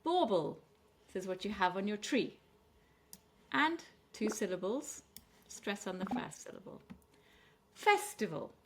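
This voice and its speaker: A woman teaching English pronunciation and word stress, speaking clearly and deliberately, slowing down on the example words. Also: medium pitch, expressive, a bit bright, a little hiss or hum. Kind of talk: pronunciation lesson.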